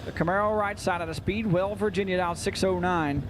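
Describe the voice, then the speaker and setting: A man announcing drag races live at an outdoor track, rattling off names, times and jokes over the loudspeaker. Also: high voice, steady tone, background noise. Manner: rapid-fire jokey announcing. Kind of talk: live race commentary over PA. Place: outdoor racetrack.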